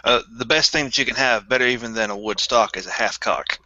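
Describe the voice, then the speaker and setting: Man with dry wisecracks, sharp bright voice, muffled lo-fi chat. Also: medium pitch, fairly quick. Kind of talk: casual chat.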